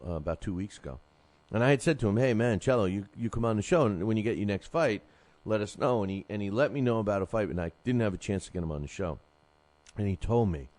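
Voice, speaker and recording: A man's voice: low-pitched, a little mellow, no room sound. A man hosting a boxing show, rambling through results with many fillers, his throat sore from a cough drop. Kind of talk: casual live show chat.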